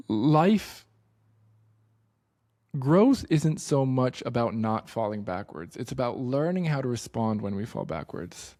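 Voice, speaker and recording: Thirties male host, mid-pitched, earnest and reflective, casual and unscripted. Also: a little mellow. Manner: earnest and reflective, slowing for emphasis; casual fillers and restarts. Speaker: book study host. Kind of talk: reflective spoken talk.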